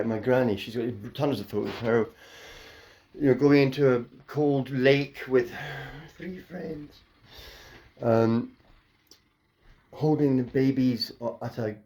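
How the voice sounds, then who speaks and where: Guy riffing daft puns at home, mid-pitch voice, dry mouth. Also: takes it slowly, long pauses, mellow. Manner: playful, silly wordplay, slips into daft voices. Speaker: comedian. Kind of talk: rambling improvised comedy monologue.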